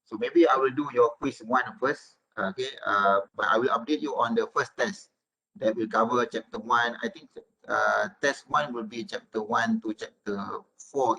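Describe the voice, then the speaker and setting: A man's voice: fairly low pitch, fairly even intonation, moderate pace, gravelly, fairly bright tone, husky, low-quality recording. A man giving an online class lecture as a university lecturer, filling nearly every phrase with "okay" and "uh".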